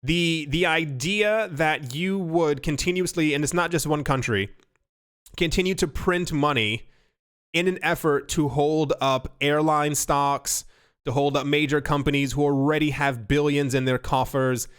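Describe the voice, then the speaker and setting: A man's voice: a little high, a little slow, fairly bright tone, smooth. A man hosting a casual crypto news commentary, rambling and restarting his sentences often. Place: home recording setup. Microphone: studio mic.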